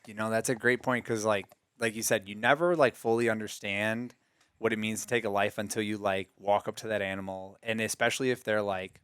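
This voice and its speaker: A man co-hosting a podcast in a studio, chatting casually in a relaxed, agreeable way. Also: fairly low pitch, brisk, clean tone, dry recording. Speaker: podcast co-host. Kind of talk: casual chat.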